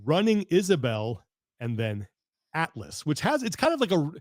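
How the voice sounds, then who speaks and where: Chatty man, slightly high, telling a rambling story. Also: moderate pace, dry recording, studio quality. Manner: animated, exasperated rambling with self-interruptions. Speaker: podcast host. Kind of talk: casual storytelling chat.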